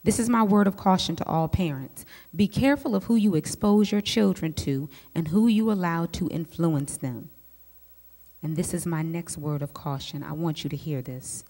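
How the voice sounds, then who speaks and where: A woman, a psychologist giving a teaching talk to a group of women, telling lively personal stories and speaking straight to her listeners. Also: on the low side, normal speed. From United States. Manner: lively storyteller who speaks straight to the audience. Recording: long hall reverb.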